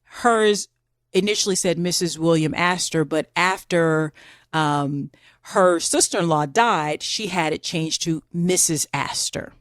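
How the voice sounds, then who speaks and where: A woman with a lowish voice tells a history story on a podcast, chatty and animated, sprinkling in casual asides. The sound is dry and close, with no room around it. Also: a little slow, dry recording. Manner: chatty, animated, says "girl" and "like".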